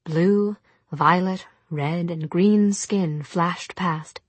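A woman narrating an audiobook in a soft, measured storytelling manner. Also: fairly low pitch, breathy edge, no room sound. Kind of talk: audiobook reading.

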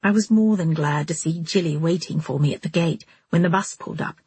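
Husky low-voiced woman narrator. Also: a little fast, dark tone, no room sound. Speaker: audiobook narrator. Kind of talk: scripted first-person narration.

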